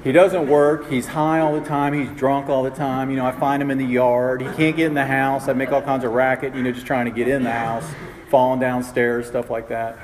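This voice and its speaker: A man's voice: medium pitch, little pitch movement, a little fast, a crowd in the background. A man in his fifties telling his own recovery story to a group, rambling and self-mocking, with lots of "you know" fillers. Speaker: speaker sharing his story. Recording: reverberant hall with faint ambience.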